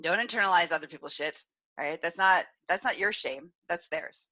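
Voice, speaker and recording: Her voice sits on the low side at a moderate pace, with the highs cut off. She's hosting a live podcast, telling an animated story full of laughter and acted-out voices in a live-streamed storytelling chat.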